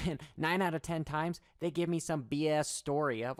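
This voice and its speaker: A middle-aged man who is a motocross racer gives a sarcastic, animated commentary in his vlog, rambling from one point to the next. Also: on the high side, unhurried, clean tone, no echo, clean studio sound.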